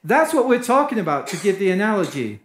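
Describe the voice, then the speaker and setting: An English-accented man preaches an evening sermon, his voice sitting high. He leans emphatic, climbing higher when he voices the crowd. The sound rings around a roomy church hall. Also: very animated, fast talker. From England. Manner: emphatic, rises in pitch for quoted crowds. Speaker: pastor. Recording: echoey church room.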